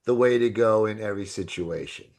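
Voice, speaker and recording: A man's voice: on the low side, brisk. A man co-hosting a podcast, telling crude stories in a casual chat with frequent laughs. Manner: laughing storyteller, animated with crude banter. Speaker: podcast co-host.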